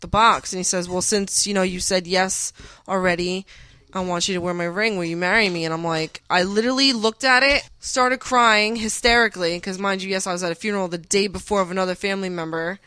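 A woman's voice: medium pitch, steady tone, a little fast, sharp tone, clean tone, dry recording. Blunt, swearing woman telling a story. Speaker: podcast guest. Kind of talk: casual chat.

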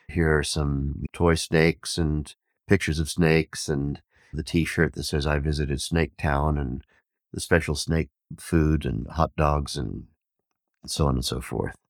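A man telling a parable and teaching on Vedic wisdom, an animated storyteller who acts out the villagers' shouts. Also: extremely low pitch, a little slow, creaky, no room sound, studio quality. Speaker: podcast host and teacher.

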